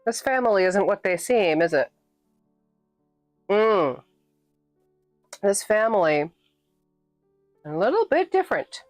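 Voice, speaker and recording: A woman from New England hosts a live stream and banters with her viewers between readings. She is sassy and quick to laugh, and her voice sits at an ordinary middle pitch. The sound is dry and close, with faint music playing underneath. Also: big pitch swings, dry recording. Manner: playful and sassy, laughing often. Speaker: livestreamer and author reading her novel.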